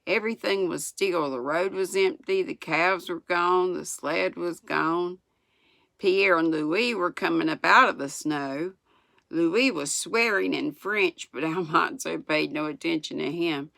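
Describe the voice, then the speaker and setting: A woman in her sixties from the United States, reading a children's book aloud in an unhurried way. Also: on the low side, gravelly, fairly bright tone, no room sound. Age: 60s. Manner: unhurried, chuckles at the story. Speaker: storyteller.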